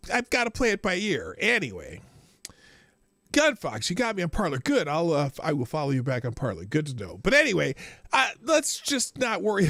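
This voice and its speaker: A man's voice: a little high, a bit bright, no echo. A man hosting a casual live stream, rambling about his day and greeting viewers by name. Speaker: livestream host.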